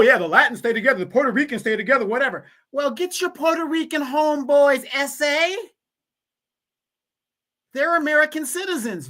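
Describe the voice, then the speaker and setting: A woman's voice: fairly high pitch, bright, forceful tone. A woman hosting a live-stream commentary show, ranting and mocking other people's words in quoted voices.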